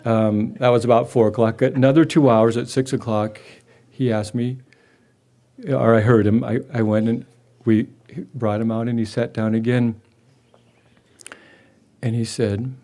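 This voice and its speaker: An older man telling a personal memory at a memorial gathering, halting and gentle, with many restarts. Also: mid-range voice. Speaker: devotee sharing a memory. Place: gathering hall with a live audience.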